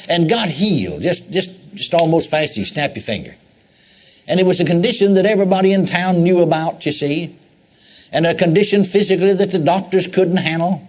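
A man's voice: sits high, darkish tone. A male preacher giving a sermon in a folksy storytelling way, with repeated phrases and asides to the congregation.

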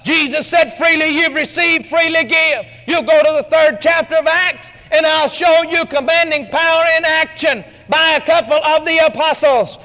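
A man preaching a sermon, telling the story dramatically and building to shouted lines. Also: extremely high pitch, steady tone, normal speed, hardly any pauses, long reverb tail.

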